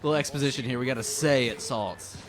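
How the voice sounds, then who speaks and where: A man's voice: medium pitch, fast, background noise. A man co-hosting a casual gaming podcast, telling rambling stories full of fillers. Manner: rambling storyteller, filler-heavy. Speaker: podcast co-host.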